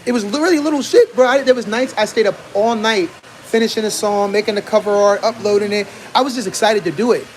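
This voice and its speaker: Fast-talking, high-voiced man on a podcast. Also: slight background noise. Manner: animated storyteller, swears freely, acts out quoted dialogue. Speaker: podcast host. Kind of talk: casual podcast chat.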